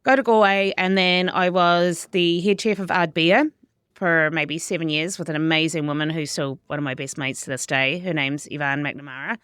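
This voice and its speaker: A middle-aged woman with a New Zealand accent, a chef chatting casually as an interview guest, lively and full of quoted asides. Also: low voice, moderate pace, smooth, no echo, clean studio sound.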